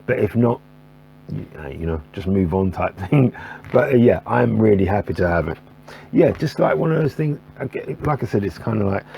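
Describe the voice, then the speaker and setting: Man, deep voice, rambling collector chat, uh and um everywhere, faint mains hum behind. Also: dull audio. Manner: rambling, with many fillers and restarts. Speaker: record collector reviewing jazz albums. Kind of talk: casual to-camera talk. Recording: faint electrical buzzing hum.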